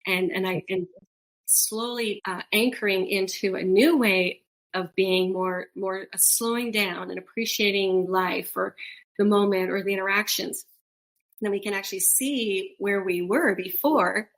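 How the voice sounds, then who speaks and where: A woman's voice: medium pitch, a little slow. A middle-aged woman co-hosting a podcast, chatting casually and acting out quoted voices as she tells stories. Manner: animated storytelling, acts out quoted voices with laughs. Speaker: podcast co-host. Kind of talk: casual conversational podcast chat.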